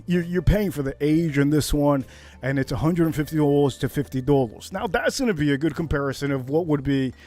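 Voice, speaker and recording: Animated rambling male livestream host. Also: fairly high pitch. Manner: rambling, animated, gets worked up. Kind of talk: casual whiskey livestream chat. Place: Miami Beach.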